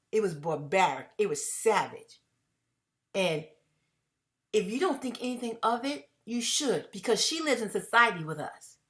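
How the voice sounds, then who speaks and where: A middle-aged woman speaking straight to her viewers. She talks emphatically, circles back over her phrases and laughs between her points. Her pitch sits in an ordinary middle range for a woman. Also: sharp tone. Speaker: host of a commentary channel. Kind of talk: personal commentary to viewers.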